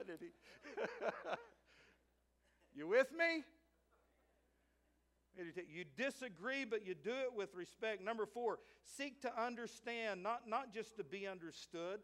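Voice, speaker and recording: Folksy Southern pastor preaching a sermon. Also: male voice, sits high, lively intonation, unhurried, pauses often, fairly bright tone. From United States. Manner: folksy storytelling, repeats words when starting sentences. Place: church sanctuary.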